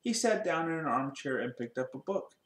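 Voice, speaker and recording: A man reading a children's storybook aloud in a lively way, putting questions to his young listeners. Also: on the high side, brisk, reverberant.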